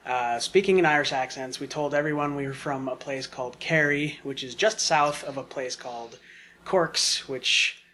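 A man's voice: medium pitch, moderate pace, sharp tone, slight background noise. A man telling a long casual story on a podcast, rambling with lots of fillers and asides. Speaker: podcast guest.

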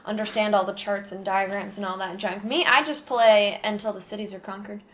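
A woman's voice: medium pitch, steady tone, brisk, low-quality recording. A young woman co-hosting a podcast, telling rambling stories in casual chat. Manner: chatty, rambling storyteller. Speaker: podcast co-host.

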